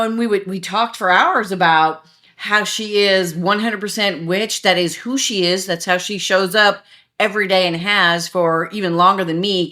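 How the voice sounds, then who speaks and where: Woman, podcast guest, digital marketer, chatty, rambling stories, lowish voice. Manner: chatty, animated storytelling with many restarts. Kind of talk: casual podcast interview.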